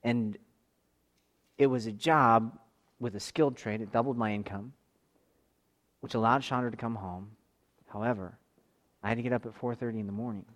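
Earnest male pastor in his thirties, testimony-style sermon, swells and hushes. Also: mid-range voice, fairly even intonation, moderate pace, pauses often. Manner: earnest, swells louder on emphasis and drops to a hush.

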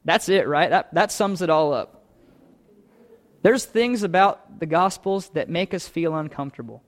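Earnest, slightly high-voiced male pastor. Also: expressive, normal speed. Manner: earnest, repetitive phrasing that builds in intensity. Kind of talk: sermon.

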